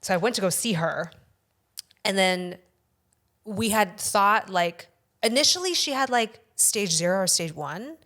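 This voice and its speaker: A woman's voice: medium pitch, lively intonation, measured pace, a bit bright. A woman guest on a podcast, telling a story in a casual way, rambling and swearing for emphasis.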